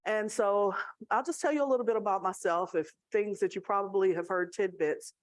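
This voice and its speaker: A woman's voice: mid-range voice, brisk, no echo. A woman with a Southern American accent giving a conversational speech at a staff awards gathering, telling a story and checking in with her audience. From Tennessee, USA. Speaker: college student affairs leader.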